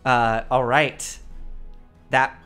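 A woman's voice: very deep voice, flat delivery, drawn-out words, fairly bright tone, clear, resonant tone, soft background music. A woman narrating as the game master of a tabletop role-play stream, giggly and rambling with fillers, on a desk mic.

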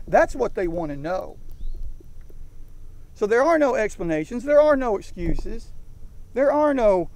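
A man's voice: high voice, sing-song, a little slow, long pauses, darkish tone. A man in his fifties, a coach giving an emphatic motivational talk to his team in a field. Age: 50s. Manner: emphatic, preaching with repeated punchlines. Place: outdoors in a rural field.

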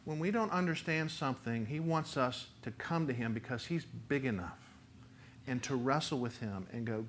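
Animated man preaching a sermon. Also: medium pitch, moderate pace, slight background noise. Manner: animated preaching, rising loud for quoted voices. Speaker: pastor.

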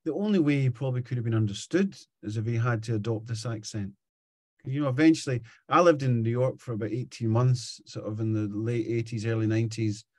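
A man's voice: medium pitch, a little fast, dry recording. A middle-aged Scottish man, a musician guest, chatting and telling stories in an interview. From Scotland. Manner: chatty, animated storytelling. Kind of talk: casual interview chat.

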